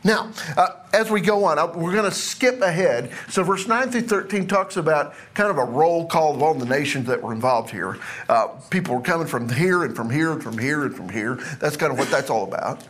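A man's voice: a little high, animated, brisk, fairly bright tone. A man teaching a Bible class to a group in a classroom, chatty and self-deprecating.

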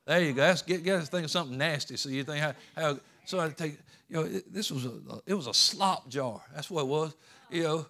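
Folksy preaching pastor, high-pitched man. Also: fast, vocal fry, few pauses, sharp tone. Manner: folksy preaching, rising to fervent calls. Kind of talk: sermon.

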